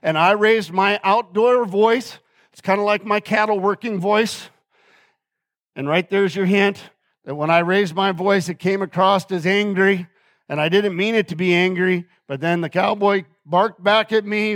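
A man preaching a sermon as pastor, earnest and conversational, often checking in with his listeners with quick asides. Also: a little high, no echo, clean studio sound.

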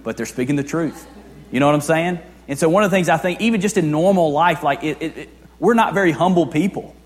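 A young man preaching a sermon as a pastor, talking conversationally with rhetorical questions and swinging between soft and loud. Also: fairly high pitch. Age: young adult. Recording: long reverb of a large hall.

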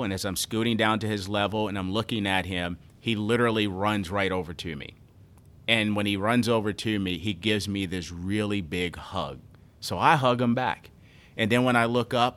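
A man who leads a children's charity, speaking as a guest and telling stories in an earnest, animated way. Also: fairly low pitch. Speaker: nonprofit CEO and guest. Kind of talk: conversational storytelling.

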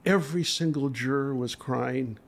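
Older man with a gravelly voice. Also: medium pitch, normal speed. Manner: earnest, emotional, hesitant with fillers. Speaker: trial lawyer guest. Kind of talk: storytelling in a podcast interview.

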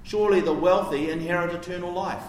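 A man gives a sermon in a conversational, teaching tone and poses questions to the congregation. His voice sits a touch high for a man. He is picked up from some distance, with a roomy echo and faint ambience behind him. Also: fairly even intonation, fast, slight background noise. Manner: conversational, explanatory, rhetorical questions. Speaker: preacher.

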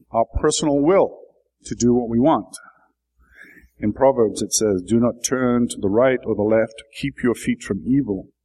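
A man preaching a sermon and explaining his text in a reflective teaching manner. His voice sits at an ordinary middle pitch, and he rises into emphatic, lifted stretches before settling back down. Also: low-quality recording. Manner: thoughtful, explanatory, builds to emphatic bursts.

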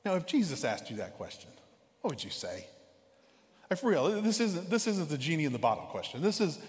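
Casual male pastor, chatty stop-start sermon, slightly high voice, long church echo. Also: big pitch swings, a little fast. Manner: casual, repeats words while thinking aloud. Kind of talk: conversational sermon. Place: church sanctuary. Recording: reverberant church hall.

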